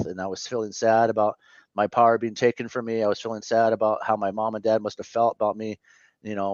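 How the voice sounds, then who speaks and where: A man in his fifties, a guest telling a personal story in an interview, earnest and candid, with halting speech and frequent self-corrections. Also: lowish voice, no room sound, muffled recording. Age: 50s.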